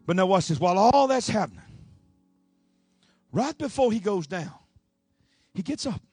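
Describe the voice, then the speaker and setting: A pastor preaching with a high, gravelly voice. He swings from shouted lines to low, quiet telling in a rhythmic sermon delivery. The sound is dry and close, with faint music under it. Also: lively intonation, moderate pace, no room sound.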